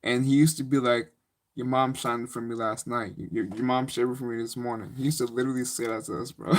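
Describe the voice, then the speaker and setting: Young male streamer, casual slangy rambler, mid-pitched voice. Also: flat delivery, brisk. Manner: rambling, slangy, laughing storyteller. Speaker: live streamer. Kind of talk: casual live-stream chat.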